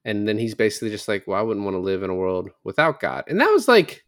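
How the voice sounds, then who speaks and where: A man co-hosting a casual movie review podcast, animated and profane, slipping into mocking voices of characters. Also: lowish voice, fast talker, dry recording, clean studio sound. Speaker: podcast co-host.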